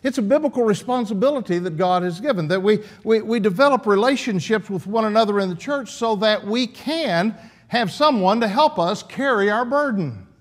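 A man's voice: high voice, lively intonation, moderate pace. Man preaching an earnest sermon. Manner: earnest, emphatic preaching with frequent restarts. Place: church.

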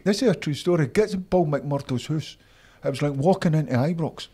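An older man with a Scottish accent, telling animated stories from his football career as an interview guest. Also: a little high, a little fast, husky. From Scotland. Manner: animated anecdotes, acts out voices of others. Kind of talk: casual storytelling.

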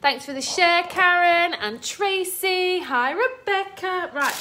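A woman's voice: very high-pitched, animated, takes it slowly, bright, forceful tone. A middle-aged woman hosting a casual live cooking stream from her home kitchen, chatting, greeting viewers by name and joking at her own expense. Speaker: cooking livestream host. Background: children's game noise faintly.

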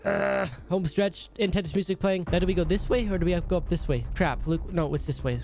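A man hosting a gaming channel, giving anxious, excitable live commentary over his gameplay and talking to himself as he goes. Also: high voice, a little fast, vocal fry. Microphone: desk microphone.

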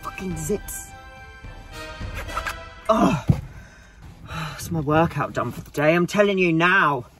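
A man's voice: on the high side, expressive, slow, pauses often, over music. A young man vlogging in a camp, sarcastic, jokey way. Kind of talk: casual comedic vlog.

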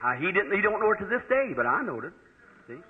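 A man preaching a sermon, telling a story in a folksy, animated way. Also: sits high, fast talker. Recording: old lo-fi reverberant hall recording.

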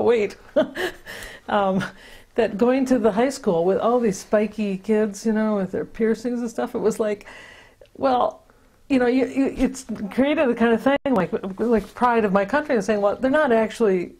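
A woman's voice: mid-range voice, a little mellow. An older woman recounting memories in an oral history interview, telling her story with many restarts and fillers. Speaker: interviewee, sister-city project founder.

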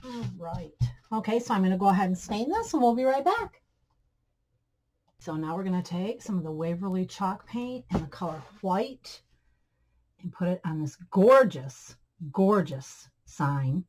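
A woman's voice: medium pitch, expressive, normal speed, darkish tone, a little hiss or hum, rough recording. A woman hosting a DIY craft tutorial, chatting to viewers as friends and gushing over her projects. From Michigan, USA. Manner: chatty, keeps addressing viewers as guys and friends. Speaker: craft channel host.

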